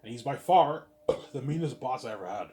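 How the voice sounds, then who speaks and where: A tired vlogger tells his viewers a rambling, repetitive story, speaking a little fast in a mellow, medium-pitched voice with lively intonation. He swears, stumbles over words and talks to himself in this casual monologue, with slight background noise.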